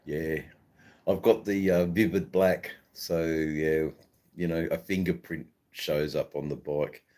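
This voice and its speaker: A middle-aged Australian man with an Australian accent, hosting a relaxed, rambling live stream and chatting with viewers, with many ums and restarts. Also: very deep voice. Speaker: livestream host. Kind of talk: casual live-stream chat, reading viewer comments.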